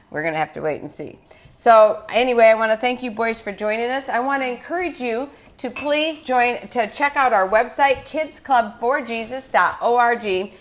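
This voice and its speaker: An older woman hosting a live children's cooking show, chatty and encouraging, laughing often. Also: lowish voice.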